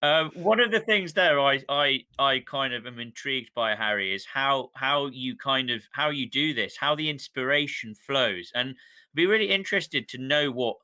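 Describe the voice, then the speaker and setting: A man's voice: medium pitch, expressive, moderate pace, bright, forceful tone. A man interviewing a musician on stage, with enthusiastic but hesitant questions.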